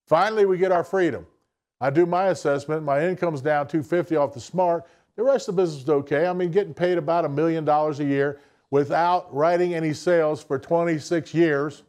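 A man's voice: fairly high pitch, steady tone, fairly quick, a little mellow. A man, giving a blunt, folksy motivational talk to an audience. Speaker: business speaker addressing an audience. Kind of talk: motivational speech.

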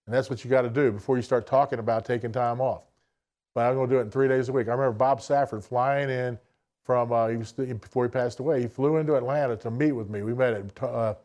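A man's voice: mid-range voice, steady tone, fairly quick, darkish tone. Blunt folksy man in his sixties. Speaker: business speaker addressing an audience. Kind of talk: motivational speech.

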